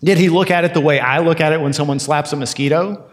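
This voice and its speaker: Preacher in a reverberant hall. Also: male voice, a little high, quick pace. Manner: conversational preaching with dramatic quoted asides. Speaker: pastor. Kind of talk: sermon.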